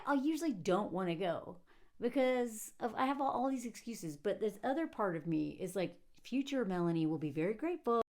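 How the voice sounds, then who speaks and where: A young woman giving casual, sarcastic commentary on a film, animated and acting out quotes. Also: fairly high pitch. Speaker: movie commentator.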